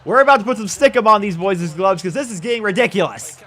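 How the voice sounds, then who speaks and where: A man's voice: sits high, lively intonation, fast, sharp tone, soft background music. A young man giving casual commentary over a football video game, flustered and exasperated, often laughing in disbelief. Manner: flustered, exasperated, laughing at his own bad luck. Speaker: gaming YouTuber.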